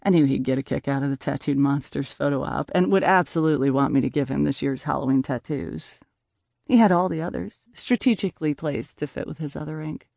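Male audiobook narrator, mellow and dry, measured conversational read. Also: a little high, creaky, no room sound. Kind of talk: first-person audiobook narration.

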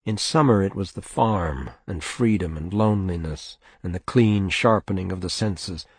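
A man narrating a novel in a steady, measured audiobook reading. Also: deep voice, slightly rough, no room sound.

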